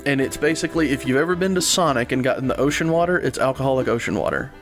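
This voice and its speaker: Playful co-host with lively pitch. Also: rapid-fire, soft background music. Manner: playful, joking, laughs easily. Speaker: podcast co-host. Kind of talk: casual chat.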